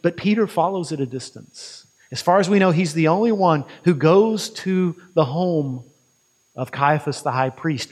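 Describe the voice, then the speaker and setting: A man's voice: a little high, in a large hall. Man preaching a vivid story. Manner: vivid retelling with quick restarts. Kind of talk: storytelling sermon.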